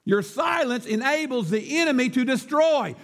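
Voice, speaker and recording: A man's voice: very high-pitched, expressive, moderate pace. A male pastor preaching a sermon, emphatic and declamatory, firing rhetorical questions, with long church reverb.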